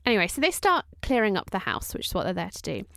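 Lively woman telling a story. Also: mid-range voice, quick pace, creaky, dry recording, studio quality. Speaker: podcast co-host. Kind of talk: casual chat, storytelling.

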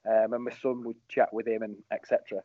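A man, a former football captain, telling match stories in a casual interview, animated and full of ums. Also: fairly low pitch, fast, no room sound, muffled recording. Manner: animated, rambling, lots of ums.

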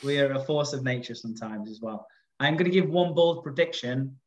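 Chatty podcast host, dull sound. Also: male voice, medium pitch, steady tone, a little fast. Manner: chatty, laughs often, frequent fillers. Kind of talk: casual podcast chat.

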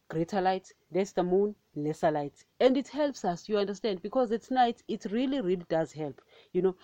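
A woman's voice: mid-range voice, dark tone, no echo. A woman preaching informally on a podcast, emphatic and fiery, with many conversational fillers and repeated rhetorical questions. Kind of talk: informal devotional teaching.

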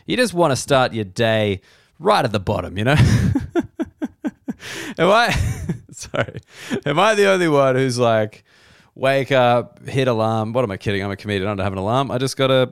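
A man's voice: on the low side, clear, resonant tone, no echo, studio quality. A man in his thirties with an Australian accent, a comedian doing a rambling, wry, self-deprecating solo podcast monologue.

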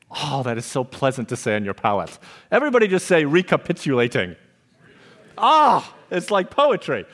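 A man preaching a sermon as pastor of a church, conversational with playful, joking asides. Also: medium pitch.

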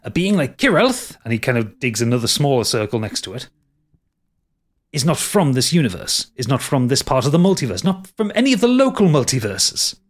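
A man voicing an excitable, weakened male vampire scholar who lectures eagerly and keeps checking "yes?". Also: mid-range voice, brisk. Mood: lecturing.

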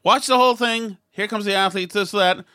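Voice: medium pitch, brisk, sharp tone, smooth. A talk show commentator giving rambling, sarcastic opinion with many asides and restarts. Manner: rambling, sarcastic, mimics others in quotes.

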